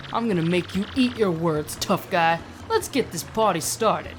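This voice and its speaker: A woman's voice: on the low side, unhurried, close to an everyday voice. A woman voicing a cocky, mocking male street thug with a tough, taunting manner, over game music.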